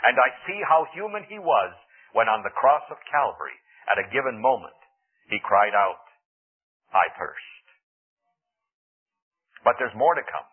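A man's voice: mid-range voice, expressive, normal speed, slightly rough, phone-quality sound. A man preaching a sermon, telling the story earnestly and dramatically, with rising emphasis. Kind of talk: radio sermon.

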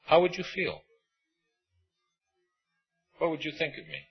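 A man preaching a sermon, emphatic and swinging between loud and hushed. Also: on the high side, big pitch swings, measured pace, slightly rough, highs cut off, soft background music.

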